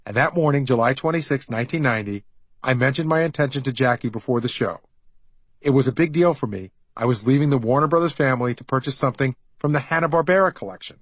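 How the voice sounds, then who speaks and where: A man's voice: medium pitch, quick pace, no room sound, poor audio. A middle-aged man narrating his own memoir as an audiobook, in a wry, conversational storytelling manner.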